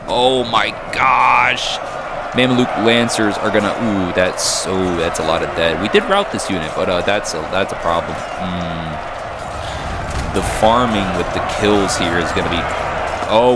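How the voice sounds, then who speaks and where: A man giving casual, excitable commentary over a strategy game battle, reacting with frequent exclamations. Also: on the low side. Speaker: gaming commentator. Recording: noisy with battle sounds behind. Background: gunfire and battle noise from the game.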